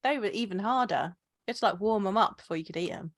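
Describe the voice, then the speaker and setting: A British woman co-hosting a casual podcast, teasing her co-host in a matter-of-fact way. Her voice sits at a medium pitch and is recorded close, with a dry, dead sound. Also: fast, no echo. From United Kingdom. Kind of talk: casual chat.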